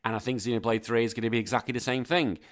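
A British man hosts a casual podcast, talking into his microphone in an animated, ranting way. He swears freely and keeps a middling pitch. He sounds at home behind the mic. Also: racing. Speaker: podcast host.

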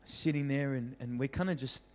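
A young man preaching as a pastor, telling a childhood story with lively acted-out voices and frequent laughter. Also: medium pitch, brisk, faint music behind. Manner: animated storyteller, acts out voices, laughs often. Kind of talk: storytelling sermon. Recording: reverberant hall.

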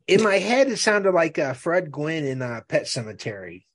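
A husky-voiced man from the Midwest who co-hosts a podcast. His pitch moves a lot as he chats and reads aloud, and he often stumbles over and repeats words. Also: sing-song, normal speed. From American Midwest. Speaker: podcast co-host. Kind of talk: casual chat and reading aloud.

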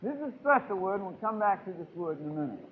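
A man preaching a sermon, emphatic and swinging between loud and soft. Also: sits high, sing-song, quick pace, a little hiss or hum. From New Zealand. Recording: tinny lo-fi phone-like recording.

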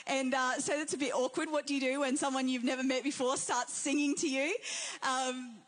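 A woman's voice: sits high, little pitch movement, brisk. A young woman with an Australian accent preaching a sermon as pastor, repeating key phrases for emphasis.

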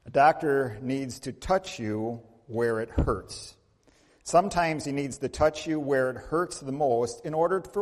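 A male pastor preaching a sermon, telling a story with big swings in pitch and loudness and asking the congregation questions. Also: unhurried. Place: church sanctuary. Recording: long church reverb.

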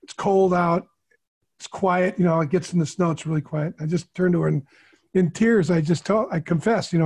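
A man's voice: sits high, fairly quick, a little mellow, husky. A middle-aged man, a podcast co-host, telling a heartfelt personal story in an earnest way and often repeating words. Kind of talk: candid storytelling.

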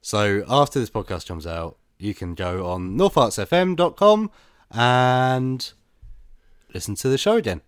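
A man's voice: mid-range voice, sing-song, a little slow, clean tone, no room sound. A man co-hosting a podcast with a stuffy nose and head cold, chatting casually with dry, self-mocking banter. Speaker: podcast co-host. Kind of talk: casual chat.

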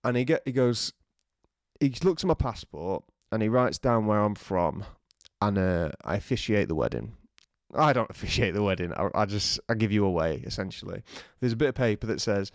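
A man co-hosting a podcast, telling a lively anecdote, acting out quotes and laughing often. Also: on the low side, normal speed, no room sound, clean studio sound. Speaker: podcast co-host. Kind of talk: casual storytelling chat.

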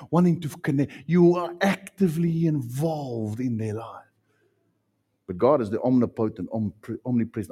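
South African male pastor, husky mid-range voice, impassioned sermon delivery. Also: medium pitch. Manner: impassioned preaching, swinging from loud to hushed.

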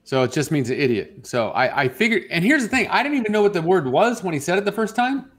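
A man's voice: high-pitched, big pitch swings, fast talker. A man co-hosting a morning radio show, chatting and teasing his co-host in a casual, laughing way. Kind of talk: casual chat.

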